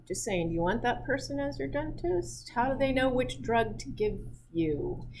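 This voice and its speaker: A woman's voice: high voice, expressive, moderate pace, gravelly, noisy background. A middle-aged woman teaching physiology in a chatty style, telling personal stories and laughing often. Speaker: physiology instructor. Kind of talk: lecture with personal anecdotes.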